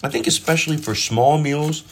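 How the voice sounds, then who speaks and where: Here a man with a slightly high voice talks at a moderate pace over a bit of background noise. He's eating in his home kitchen and chatting about what he cooked, rambling, joking, and interrupting himself. The recording comes from a phone propped up nearby.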